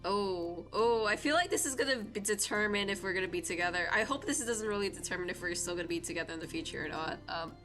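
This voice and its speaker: A young woman streaming a dating game, chatting in a flustered, chatty way as she reacts to it and reads it aloud. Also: mid-range voice. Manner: chatty, flustered, quick to react and laugh at the story. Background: faint background music.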